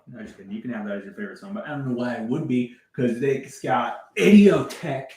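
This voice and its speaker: A man rambles loosely through a casual livestream, wandering from thought to thought and swearing offhandedly as he answers his chat. His voice sits at an ordinary middle pitch. The sound bounces around an echoey room. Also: fairly quick, mellow. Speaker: music livestreamer.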